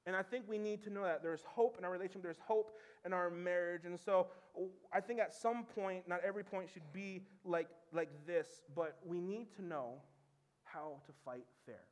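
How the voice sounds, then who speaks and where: A man in his thirties preaching as pastor, telling stories with animation and dropping low and soft for serious points. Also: moderate pace. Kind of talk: sermon.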